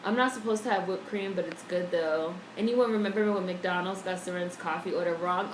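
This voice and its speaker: A woman's voice: on the low side, a little fast, hardly any pauses. A woman chatting casually on a live stream, swearing freely and reading out viewer messages from home. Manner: chatty, swears freely, reads chat aloud. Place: home room, indoors. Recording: echoey room with faint background noise.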